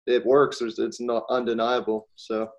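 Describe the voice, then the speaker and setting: Relaxed man asking hesitant questions. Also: medium pitch, moderate pace, highs cut off. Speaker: interviewer. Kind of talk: casual interview.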